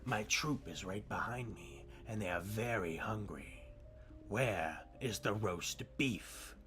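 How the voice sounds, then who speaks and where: A man voicing a sinister, scratchy-voiced male villain in a storybook reading, slow and menacing, with faint music behind. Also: fairly low pitch, fairly bright tone, voice pushed down. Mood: demanding. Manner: slow, looming, menacing delivery. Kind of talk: storybook read-aloud.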